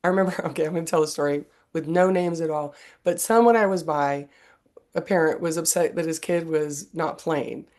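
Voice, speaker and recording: A woman in her fifties hosts a podcast in a loose, chatty way. Her voice sits a little low for a woman. She tells stories with lots of animation and laughs often. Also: a little fast, a little mellow. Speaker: podcast host. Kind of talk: casual interview chat.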